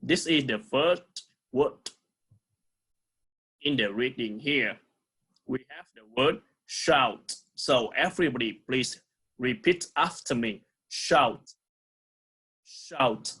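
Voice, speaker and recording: Slow, husky Vietnamese-accented male teacher. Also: medium pitch, animated, a bit bright. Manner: slow, repeats words for pupils to echo. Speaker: primary school English teacher. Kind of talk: recorded online lesson.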